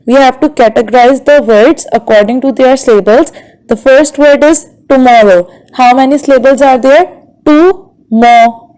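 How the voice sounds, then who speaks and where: Woman, Bangladeshi English accent, high-pitched; patient teacher who drills words syllable by syllable. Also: a little mellow, rough recording. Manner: slow, carefully sounds out words syllable by syllable. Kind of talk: classroom lesson.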